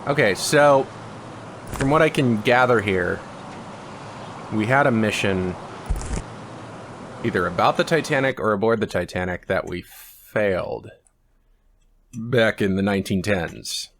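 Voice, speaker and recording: A man's voice: fairly low pitch, expressive, measured pace, long pauses, fairly bright tone, slight background noise. Chatty male gamer narrating play. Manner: chatty, reads game text aloud. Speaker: let's-play host. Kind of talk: casual gameplay commentary.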